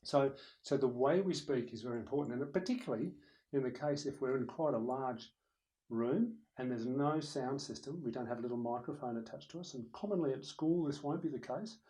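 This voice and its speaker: This recorded lesson on presentation skills comes from a man addressing both the viewer and a person in the room, where a camera operator is present. His medium-pitched voice moves a little fast, lively and conversational, as he shows off loud and soft speaking; the recording is low quality.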